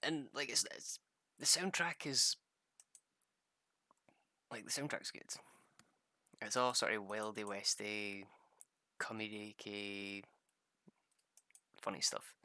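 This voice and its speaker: A man's voice: on the low side, steady tone, slow, pauses often, sharp tone, no echo. Rambling, foul-mouthed young gamer guy. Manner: rambling, swears freely, laughs at own stories. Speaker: gaming streamer. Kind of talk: casual gameplay chat.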